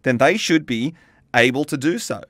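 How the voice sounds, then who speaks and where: A man's voice: medium pitch, animated, a bit bright, no echo. A cheeky man from Australia, hosting breakfast radio banter on a studio mic. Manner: cheeky, laughing, quick back-and-forth. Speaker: radio host.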